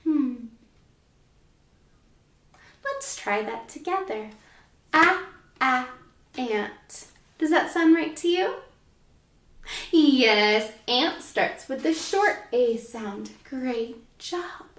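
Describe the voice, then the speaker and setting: A woman teaching young children letter sounds, speaking in a slow, sing-song, encouraging way. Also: high-pitched, sing-song. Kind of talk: children's phonics lesson. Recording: echoey room, mic at a distance.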